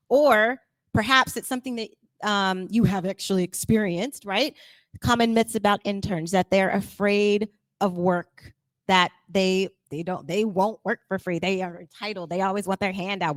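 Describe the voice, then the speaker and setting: A woman speaking to a live audience in a chatty, animated way, acting out quoted voices and laughing often. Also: medium pitch, dry recording, clean studio sound. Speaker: workshop speaker.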